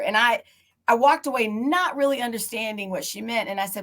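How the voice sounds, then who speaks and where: A middle-aged woman, a TV news anchor, moderating a panel and telling stories in a chatty, animated way. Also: on the high side, fairly quick. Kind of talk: casual panel discussion.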